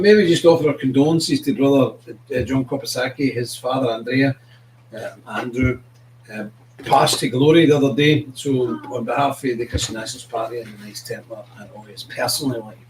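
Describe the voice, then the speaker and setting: A man's voice: mid-range voice, slight background noise. Rambling man far from the mic. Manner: rambling, chatty, talks to his dog and viewers. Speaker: host of an online political show. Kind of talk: casual live-stream chat. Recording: roomy, distant mic, faint ambience.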